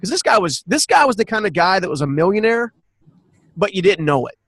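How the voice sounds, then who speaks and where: A man in his forties, a podcast guest, telling a personal story in an animated, earnest way and often restarting his sentences. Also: high-pitched, a little fast, dry recording. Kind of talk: personal storytelling in a conversational interview.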